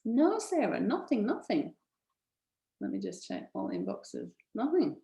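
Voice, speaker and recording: A woman hosting a live online info session, giving a chatty, upbeat sales pitch and laughing often as she talks straight to her viewers. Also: huge pitch swings, a little slow, mellow, roomy sound.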